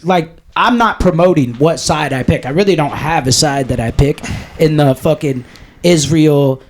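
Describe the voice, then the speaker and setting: A man's voice: on the high side, normal speed, a little hiss or hum. A man co-hosting a podcast in casual chat, talking in a profane, rambling, jokey way. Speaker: podcast co-host.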